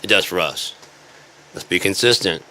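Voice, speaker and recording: A deep, forceful male voice delivering a sarcastic, rambling rant. He swears freely and jumps from point to point like an online commentator sounding off. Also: moderate pace, slight background noise. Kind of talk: ranting commentary.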